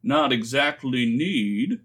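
A man's voice: mid-range voice, animated, takes it slowly, fairly bright tone, husky, exaggerated voice. A man voicing a flustered middle-aged council official who is anxious and easily confused. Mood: uneasy. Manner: anxious, bluster giving way to confusion.

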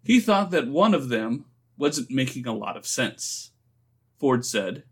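Man, story narrator, unhurried, husky, lively intonation, dry delivery. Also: medium pitch. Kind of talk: audiobook-style reading for a phone story line.

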